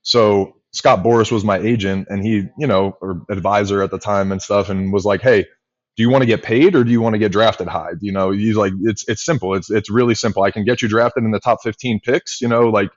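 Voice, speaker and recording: A man in his thirties, a former pitcher and podcast guest, telling long stories quickly with many fillers. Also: dry recording. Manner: rapid, animated storyteller with many fillers. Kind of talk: casual storytelling chat. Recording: dull lo-fi podcast audio.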